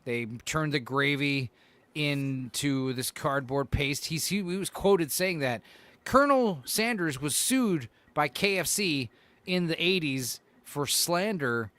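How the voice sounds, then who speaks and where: A man's voice: fairly high pitch, lively intonation, takes it slowly, a bit bright, no room sound. A man co-hosting a casual podcast chat, rambling and swearing, full of "like" and "you know". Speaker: podcast co-host.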